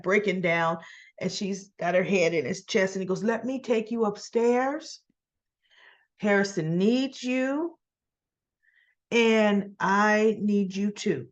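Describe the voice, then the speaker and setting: A woman hosting a casual soap opera recap, retelling the scenes and acting out the characters' lines in quick little voices. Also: mid-range voice, lo-fi sound.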